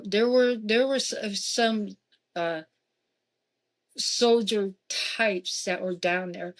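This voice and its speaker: A woman, probably in her forties, casually recounting her experiences in a haunted house, animated and lively when she quotes other people. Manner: animated, jumping in pitch for quoted voices. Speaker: guest. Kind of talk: casual storytelling.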